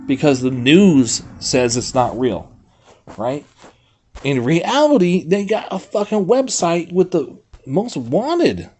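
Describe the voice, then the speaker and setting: A man streaming and chatting casually with his viewers, rambling, reading a website aloud and breaking into swearing outbursts. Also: a little high. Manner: rambling, reads website aloud, talks to chat; swears freely, animated outbursts. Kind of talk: casual livestream chat.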